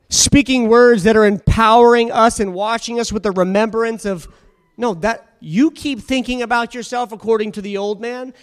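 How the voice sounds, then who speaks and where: A man's voice: extremely high pitch, clean tone. A man preaching a sermon to a congregation in church, fervent and exhorting, calling on the listeners to answer back.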